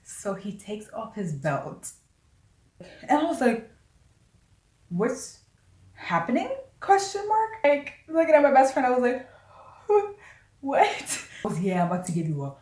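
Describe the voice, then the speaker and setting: A woman tells a story to her camera in a relaxed, chatty way, laughing and slipping into the voices of the people she quotes. Her pitch swings widely as she talks. The sound is roomy and a little distant, as if the mic sits across the room. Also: moderate pace. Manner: animated, laughing, acts out quotes with "I was like". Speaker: vlogger. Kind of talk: casual storytelling. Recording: roomy echo, voice away from mic.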